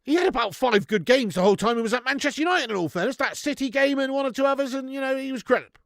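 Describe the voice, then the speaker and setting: Bloke ranting on a footie watch-along stream, swears a lot, close dry mic. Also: male voice, very high voice, quick pace, no room sound. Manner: blunt, sweary, animated ranting; reads out viewer chat messages. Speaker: football watch-along host. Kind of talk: live match watch-along commentary.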